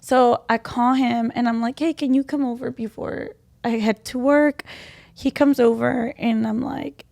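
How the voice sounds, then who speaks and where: Chatty high-voiced young woman with a gravelly edge. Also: steady tone, measured pace, darkish tone, dry recording. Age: 20s. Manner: chatty storytelling, many "like"s. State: pregnant. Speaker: podcast co-host. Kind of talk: casual chat.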